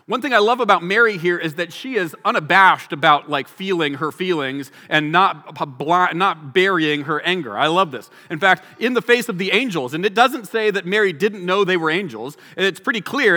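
A man preaching a sermon as pastor, animated, acting out the people in the story. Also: high-pitched. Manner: animated, acts out the people in the story in quick voices. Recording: long hall reverb.

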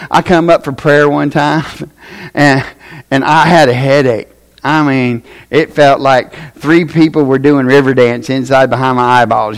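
A man with a Tennessee accent preaching a folksy sermon, swinging from shouted passages to quiet asides. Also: fairly high pitch.

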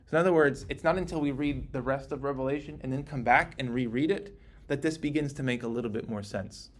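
A man teaching a casual Bible class, talking in a conversational, animated way and acting out the scripture he quotes. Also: mid-range voice.

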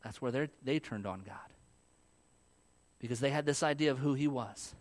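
A man's voice: medium pitch, normal speed. A young adult male pastor giving a sermon, talking conversationally and asking the congregation questions.

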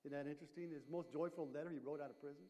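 A man preaching a sermon, emphatic, swinging between loud declarations and hushed asides. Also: fairly high pitch, fairly even intonation, racing, in a large hall. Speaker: pastor.

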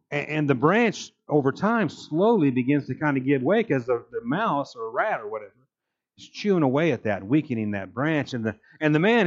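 A man's voice: medium pitch, lo-fi sound. An older man preaching a sermon as a pastor, telling a story earnestly and voicing the characters' lines. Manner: storytelling, earnest, with voiced quotes.

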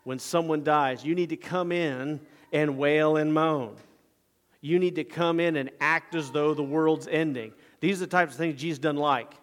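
High-voiced preacher in a reverberant church. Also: male voice, fairly even intonation, moderate pace. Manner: swings between loud emphatic preaching and hushed asides. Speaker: pastor. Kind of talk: sermon. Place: church sanctuary.

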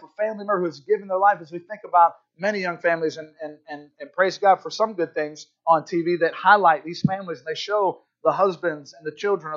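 A man preaching a sermon in church, earnest and conversational, often checking in with his listeners with quick asides. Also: high voice, a bit bright, dull audio. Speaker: pastor.

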